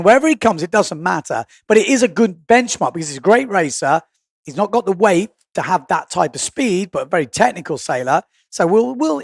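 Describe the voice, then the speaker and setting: A man's voice: high voice, no room sound, clean studio sound. A man giving chatty, rambling live sport commentary as the stream's host. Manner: chatty, rambling, thinking aloud. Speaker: livestream commentator.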